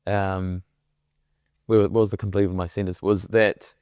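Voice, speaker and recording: A man's voice: deep voice, flat delivery, normal speed, darkish tone, smooth, no echo, clean studio sound. A man, a guest cricketer on a podcast, talking casually with frequent restarts.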